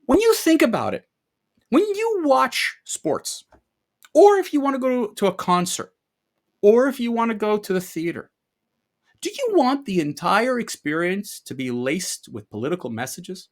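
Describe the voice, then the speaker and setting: A man co-hosting a sports talk show, delivering an emphatic rant. His pitch swings widely as he piles up rhetorical questions and leans hard on his points. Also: very animated, measured pace. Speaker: co-host. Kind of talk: opinion rant podcast.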